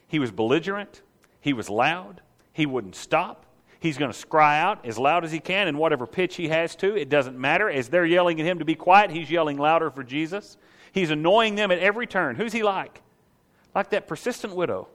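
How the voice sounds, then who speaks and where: A man preaching a sermon in an animated way, asking the congregation rhetorical questions and acting out the scene. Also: mid-range voice, long reverb tail. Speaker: pastor.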